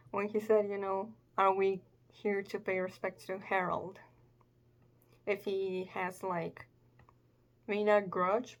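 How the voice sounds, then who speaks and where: A woman hosting a casual manga reaction, thinking aloud in a chatty way with many fillers and self-corrections. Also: mid-range voice. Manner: chatty, musing, filler-heavy.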